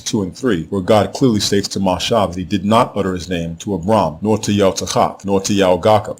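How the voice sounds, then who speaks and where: A man with a somewhat low voice delivers a scripted lecture. He explains steadily and methodically, with a faint hiss of noise behind him. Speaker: teacher. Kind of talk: scripted narration.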